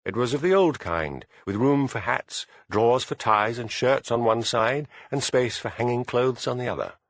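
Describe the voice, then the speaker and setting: A man narrating an audiobook in a measured storytelling manner. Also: mid-range voice, lively intonation, dry recording. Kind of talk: scripted narration.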